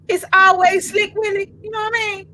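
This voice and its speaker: A woman in her fifties, co-hosting a casual chat and telling an animated comic story in slangy, laughing talk. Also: very high voice, brisk, a little hiss or hum, low-quality recording. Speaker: co-host.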